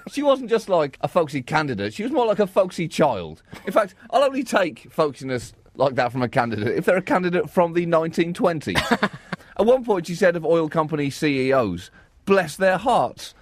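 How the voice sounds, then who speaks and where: A sardonic man co-hosts a satirical comedy chat and often chuckles at his own lines. His voice sits a little high and moves through a wide, animated range. The recording is dry. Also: fairly quick, no echo. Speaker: comedy co-host.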